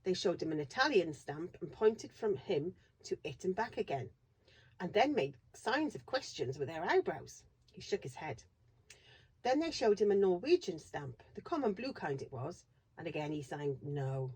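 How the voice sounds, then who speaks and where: A woman reading a classic children's novel aloud in a steady, expressive narration. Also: fairly low pitch, moderate pace, breathy edge. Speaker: reader. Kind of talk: storybook read-aloud narration.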